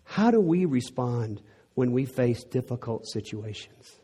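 Texan man, middle-aged, preaching, mellow tone, breathy edge, emphatic rises. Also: medium pitch, animated, measured pace. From Texas. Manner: earnest, rising to emphatic peaks. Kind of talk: sermon.

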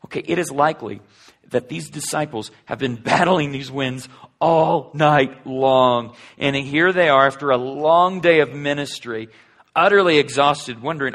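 A pastor with a voice on the high side preaches unhurriedly in a conversational style. He poses rhetorical questions to his listeners and shifts between loud and hushed delivery.

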